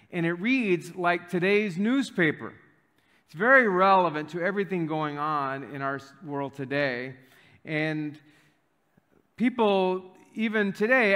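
A man's voice: fairly high pitch, bright, forceful tone. A man preaching a sermon as pastor, joking and conversational with frequent fillers. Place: church sanctuary. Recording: reverberant church hall.

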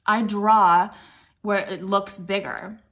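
Slow-paced and level in tone, a woman in her late thirties with a mid-range, fairly bright voice gives a casual makeup tutorial. She's blunt and foul-mouthed, rambles, and is slightly breathless.

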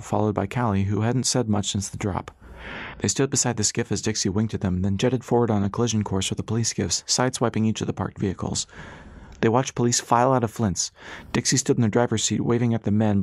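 A man narrating an audiobook in a brisk, steady storytelling manner. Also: fairly low pitch, no room sound. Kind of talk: scripted narration.

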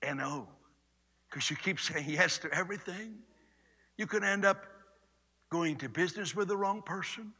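A man preaching a sermon in a conversational way, swinging between loud and hushed delivery. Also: high voice, normal speed, breathy edge. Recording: long reverb of a large hall.

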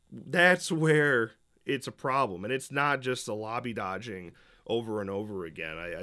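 A young male streamer with a bright, forceful voice talks through a game update in casual, rambling commentary. He is opinionated and keeps restarting his sentences as he thinks aloud, at an ordinary mid-range pitch. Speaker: streamer reacting to a developer Q&A.

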